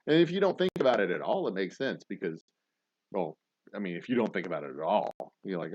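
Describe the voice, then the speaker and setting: A man's voice: low-pitched, animated, fast talker, no echo, highs cut off. A man hosting a casual livestream chat, rambling and sarcastic, with plenty of swearing. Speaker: host.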